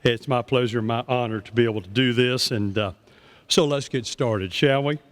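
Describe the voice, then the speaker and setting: A man's voice: mid-range voice, normal speed. A man, a master of ceremonies speaking in a genial, joking, easygoing way at a banquet. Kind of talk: banquet emcee speech. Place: banquet hall.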